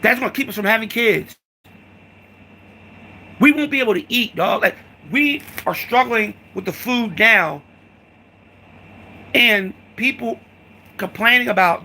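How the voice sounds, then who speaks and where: A man's voice: high voice, measured pace, pauses often, pushed and bright, a little hiss or hum. A man from the United States giving a heated, profane political rant, repeating himself and calling the listener "dog".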